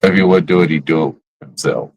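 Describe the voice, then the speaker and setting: A man's voice: very deep voice, fairly quick, creaky, darkish tone, slight background noise, rough recording. A man streaming live, ranting bluntly about other creators in casual, profane slang. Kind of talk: casual livestream rant.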